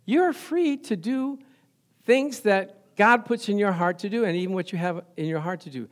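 A male pastor preaching an energetic sermon, often laughing and asking his congregation questions. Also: high voice, moderate pace.

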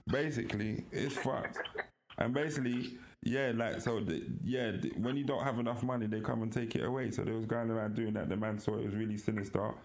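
Gravelly low-voiced man telling stories. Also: a little fast. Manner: animated storytelling, laughs often. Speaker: podcast co-host. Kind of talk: casual chat.

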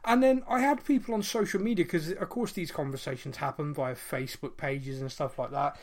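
A man's voice: a little high, fairly quick. A man in his late thirties, co-hosting a podcast and telling a personal story in an earnest, reflective way, with many fillers and restarts. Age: 30s. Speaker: podcast co-host. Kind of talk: casual podcast chat.

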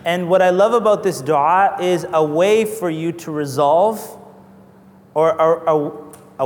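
A man with a fairly high voice gives an earnest religious lesson, moving between storytelling and Arabic recitation. His voice rings in a hall with long reverb. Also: a little mellow. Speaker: Islamic teacher.

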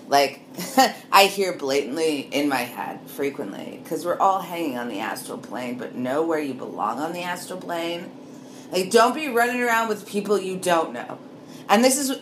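Woman in her late 30s, deep-ish voice, just rambling and laughing, slight hiss behind. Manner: loose, meandering, laughs often, trails off. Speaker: monologue speaker. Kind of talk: rambling casual monologue.

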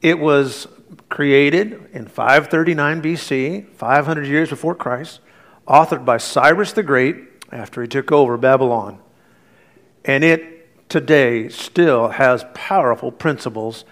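A middle-aged man preaching from the pulpit in an earnest storytelling manner. He mixes light humor into the message and moves into a quiet prayer. His voice sits in an ordinary middle register. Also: medium pitch, a little slow. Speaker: pastor. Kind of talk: sermon.

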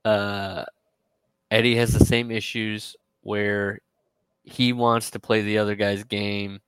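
Man, low voice, casual podcast co-host, rambling retelling, dry close mic. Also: level tone, fairly bright tone, smooth, dry recording, rough recording. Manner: rambling, filler-heavy retelling with quick quoted asides.

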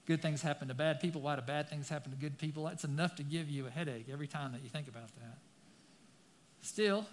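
A man preaching a sermon, reading scripture dramatically and turning to the congregation with casual asides. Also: on the high side. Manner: dramatic scripture reading, rising loud on key lines. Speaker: pastor.

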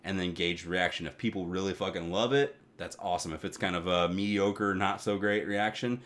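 A man's voice: low-pitched, fairly even intonation, brisk, fairly bright tone. A man co-hosting a casual podcast, rambling about gaming news with lots of fillers and restarts. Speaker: podcast co-host.

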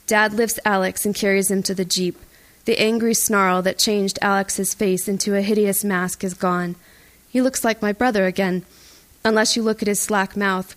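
Woman reading a tense audiobook, first person, steady and even. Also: medium pitch. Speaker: audiobook narrator. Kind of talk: first-person scripted narration.

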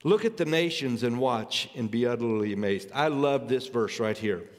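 A man's voice: mid-range voice, lively intonation, normal speed. A man preaching a sermon, reading scripture aloud and urging his listeners with earnest, rising emphasis. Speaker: pastor. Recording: long hall reverb.

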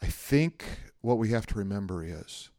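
A middle-aged male pastor telling a personal story in a sermon, animated and joking, often checking in with the listeners. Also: lowish voice, normal speed, no echo. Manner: animated storytelling, jokey asides, frequent "right?".

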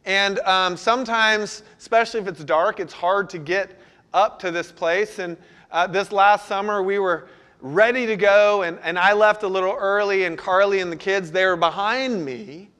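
High-voiced man preaching a sermon. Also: moderate pace, bright, forceful tone, smooth. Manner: conversational, asks the congregation questions. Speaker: pastor. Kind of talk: sermon with personal story.

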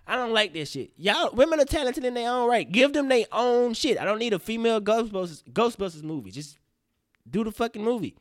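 Animated, swearing young podcast host. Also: male voice, high-pitched, brisk, dry recording, studio quality. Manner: animated, profane, goes off on tangents. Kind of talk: casual news commentary.

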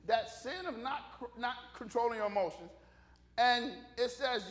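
Preacher guy, joking around, high voice that jumps all over. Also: normal speed. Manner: animated, joking, conversational. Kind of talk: casual, humorous sermon.

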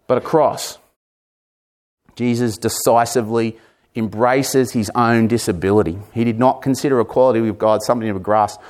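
A man in his forties preaching a sermon, emphatic, repeating words and moving between raised and hushed delivery. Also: medium pitch. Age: 40s.

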